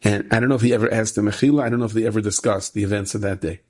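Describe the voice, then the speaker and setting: A man, a rabbi, telling a story with a moral lesson in a conversational way, repeating phrases for emphasis. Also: rapid-fire. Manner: conversational, repeats phrases for emphasis, rising pitch when animated.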